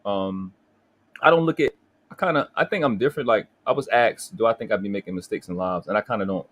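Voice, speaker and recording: Fast-talking Baltimore man ranting. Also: lowish voice, fairly bright tone. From Baltimore, USA. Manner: profane, boastful, confrontational. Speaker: livestream host. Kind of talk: heated casual livestream rant.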